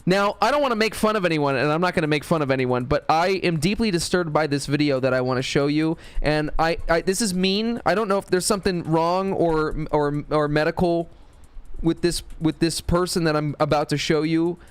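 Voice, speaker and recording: A man's voice: a little high, brisk, smooth, no room sound. A man streaming a game, talking casually in a rambling, profane way. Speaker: gaming streamer.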